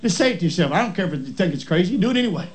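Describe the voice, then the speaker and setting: A man preaching a sermon, stretching out each word and building up to shouting. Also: high voice, lively intonation, low-quality recording. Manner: slow, drawn-out emphasis on each word.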